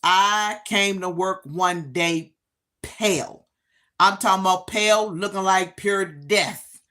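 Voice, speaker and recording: A woman hosting a live stream, telling a casual story straight to her viewers with emphatic, drawn-out phrases. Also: medium pitch, bright, forceful tone.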